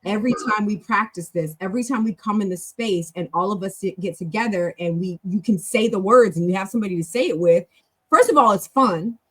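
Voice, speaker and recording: A woman's voice: medium pitch, fairly quick, a bit bright, husky, rough recording. A woman hosting a language club, teaching in a chatty, encouraging, long-winded way on a casual live stream.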